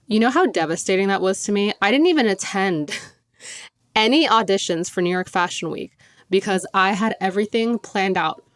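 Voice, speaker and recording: A woman's voice: mid-range voice, expressive, normal speed, no echo, studio quality. A young woman hosting her podcast in casual chat, talking chattily with lots of "like" and frequent laughs. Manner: chatty, filler-heavy with frequent "like"; laughs often while talking. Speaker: podcast host.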